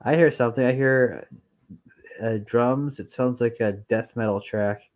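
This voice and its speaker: A man's voice: mid-range voice, a little slow, a little mellow. A man in a casual chat, chiming in with short supportive remarks and dry asides.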